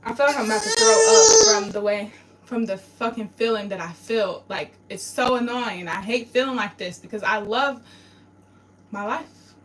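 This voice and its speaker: A tearful woman with a fairly high voice vents raw and unfiltered, swearing as her voice breaks. She sounds set back from the mic in a bathroom, with clear hiss and noise under her words. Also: lively intonation, moderate pace, far from the mic. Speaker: vlogger. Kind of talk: emotional confessional vlog. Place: home bathroom.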